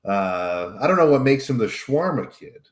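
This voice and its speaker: A man's voice: medium pitch, sing-song, moderate pace, reverberant. A man chatting from home on a show, with dry, self-mocking humor. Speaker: show regular. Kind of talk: casual chat.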